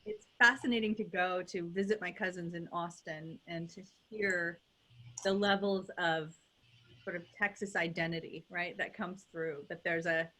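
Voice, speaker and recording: A woman's voice: fairly low pitch, fairly even intonation, moderate pace, bright, forceful tone. Enthusiastic woman dialect coach chatting. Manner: enthusiastic, effusive. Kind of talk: casual video call chat. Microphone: video call.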